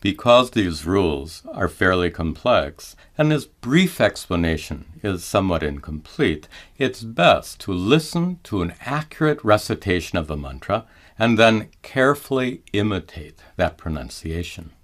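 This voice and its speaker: A man teaching mantra pronunciation in a careful scripted lesson, slowing down to chant each example. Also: low voice, very animated, a bit bright. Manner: slow, careful explanation with drawn-out chanted examples.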